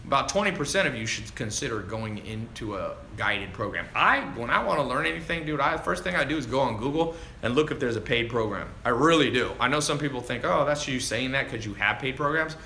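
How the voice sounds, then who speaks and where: Male livestream coach, casual and chatty, forceful bright tone, faint background ambience. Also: medium pitch, quick pace, vocal fry, few pauses, slight background noise. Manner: animated and chatty, calls listeners dude and man. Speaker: online business coach answering live viewer questions. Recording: roomy echo with faint ambience.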